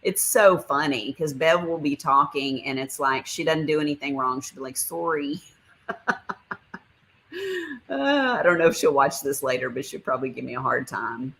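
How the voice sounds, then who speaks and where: A woman's voice: very deep voice, lively intonation, moderate pace, fairly bright tone. A woman hosting a casual livestream, chatty and often laughing as she reads out viewer comments. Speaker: livestream host. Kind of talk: casual live chat.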